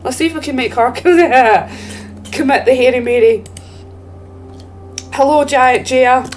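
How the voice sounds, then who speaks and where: A woman's voice: sits high, moderate pace, slight background noise. A woman doing chatty, giggly, self-mocking commentary while streaming a game. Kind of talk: playful let's-play commentary.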